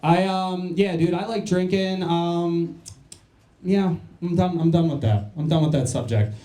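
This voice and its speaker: A man from New Jersey works a comedy club crowd with crude, self-mocking jokes and quick jabs at the audience. His voice sits a little high and has a mellow, unforced tone. The stage mic picks up the echoey room around him. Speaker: stand-up comedian. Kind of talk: stand-up set.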